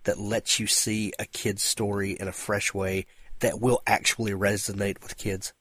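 Low, husky man interviewer. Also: flat delivery, a bit bright, dry recording. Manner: halting, many restarts and fillers. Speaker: podcast host. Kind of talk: interview conversation.

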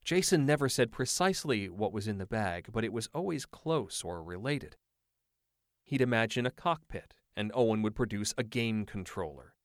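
A low-voiced man reads an audiobook in a measured, unhurried storytelling style. The recording is close and dry, with no room sound. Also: expressive, no room sound. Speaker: audiobook narrator. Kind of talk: scripted audiobook narration.

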